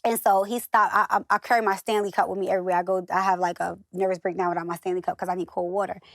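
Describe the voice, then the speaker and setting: A woman's voice: mid-range voice, level tone, racing, no echo, clean studio sound. A woman from the northern United States, a guest in a casual interview, chatting and acting out the voices of the people in her stories. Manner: chatty storyteller who acts out quoted voices.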